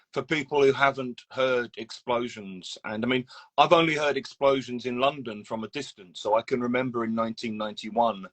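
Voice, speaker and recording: A man hosts a live interview over a phone video call. His voice is of average pitch, and he affirms his guest often. He restarts and reframes his questions as he talks. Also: a bit bright. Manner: attentive, frequent agreeing and restarts. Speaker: host.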